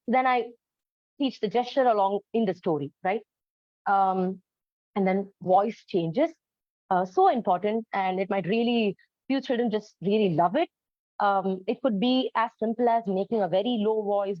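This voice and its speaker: A woman gives an educational talk, explaining her points earnestly and pausing often on ums and uhs. Her voice sits at a middling pitch. The recording is dull and lo-fi, with a dry, close sound. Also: dry recording. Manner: earnest, explanatory, many fillers. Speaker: presenter on storytelling for autistic children.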